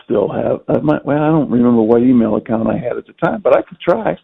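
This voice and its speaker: Gravelly man on a tinny phone line. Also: medium pitch, very animated, fast. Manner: hesitant, repeats words as he restarts. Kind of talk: casual conversation.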